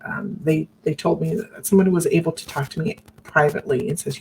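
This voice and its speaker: Low-voiced woman telling her story. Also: fairly even intonation, fairly quick, vocal fry, few pauses, a little mellow, a little hiss or hum, low-quality recording. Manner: earnest, candid, with frequent restarts. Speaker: survivor sharing her story. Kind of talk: personal storytelling broadcast.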